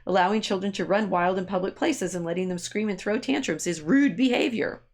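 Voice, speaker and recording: A woman's voice: medium pitch, brisk. A woman co-hosting a casual discussion podcast, thinking aloud with many restarts and side remarks. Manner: rambling, frequent restarts and hedges, laughs easily. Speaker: podcast co-host.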